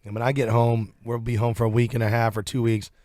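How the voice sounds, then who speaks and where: A man with a Southern US drawl, chatting easily as a guest in a radio studio. He rambles in a relaxed way and laughs easily. His voice sits at an ordinary male pitch and sounds dry and close. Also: fast talker, no echo. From southern United States. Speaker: country singer, interview guest. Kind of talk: casual interview chat.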